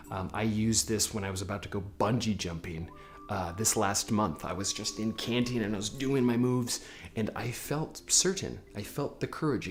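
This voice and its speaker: A man giving a motivational lesson on public speaking, energetic and often repeating his words. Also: fairly low pitch. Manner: energetic, repeats words, acts out chanted affirmations. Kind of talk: motivational talk to camera.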